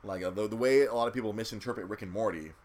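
A man's voice: lowish voice, very fast, darkish tone. A man in casual chat recapping a movie, swearing freely and acting out quotes in silly voices.

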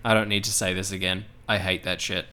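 A man recapping a horror film in casual chat, animated and profane, laughing often. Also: low-pitched, a little fast, a little hiss or hum. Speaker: podcast co-host.

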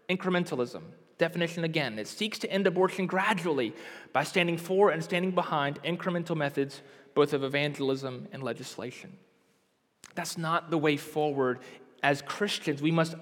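A man's voice: on the high side, a bit bright, long reverb tail. A man preaching a sermon with impassioned, emphatic delivery that rises to outbursts.

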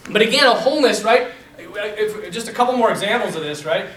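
A young man teaching a class in a lively, animated way, talking to his students as "man" and "you guys.". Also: high voice, brisk. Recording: echoey room, mic from a distance.

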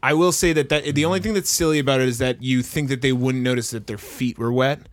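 A young man in a relaxed podcast chat, dropping dry jokes in a deadpan way. His voice is mid-pitched and close-miked, with a dry sound. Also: fast talker, dry recording. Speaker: podcast co-host. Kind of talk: casual chat.

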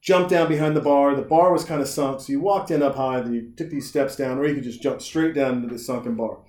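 A man's voice: medium pitch, fairly even intonation, fast, darkish tone. A young adult man from Montana, a podcast host telling long rambling stories in casual chat. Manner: rambling storyteller, acts out voices. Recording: echoey room.

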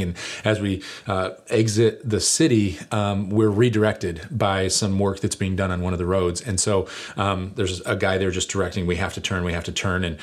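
A man who is a lead pastor, telling a story in a relaxed, chatty sermon with many fillers. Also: deep voice.

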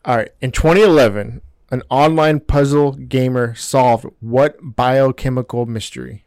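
A man's voice: mid-range voice, steady tone, measured pace, darkish tone, no echo. A young man reads trivia questions and banters as a podcast host, playful and cursing freely. His voice sounds close and dry, with no room around it. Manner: playful, profane. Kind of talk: casual chat, reading trivia questions.

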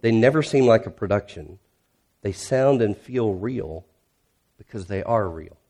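A man's voice: on the low side, animated, unhurried, mellow. A male pastor preaching a sermon in a conversational way, posing rhetorical questions and reading scripture aloud with rising intensity.

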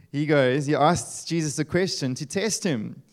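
A man, preaching a sermon in a lively, conversational way with asides and rhetorical questions. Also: fairly high pitch, slow. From South Africa. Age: 30s. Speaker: pastor.

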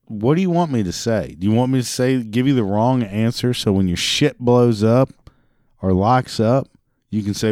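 A man's voice: lowish voice, moderate pace, darkish tone, no echo, studio quality. A man in customer service ranting through a story about a stubborn customer, profane, sarcastic and exasperated. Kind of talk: storytelling rant.

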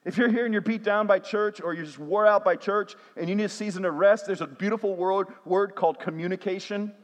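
A man's voice: high voice, fairly quick. A man, a pastor preaching a sermon with call-and-response refrains. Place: church sanctuary. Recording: long hall reverb.

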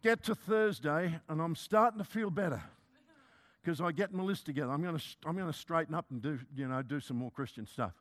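A man's voice: on the high side, a little fast. A man, preaching a sermon as a humorous, self-mocking personal story.

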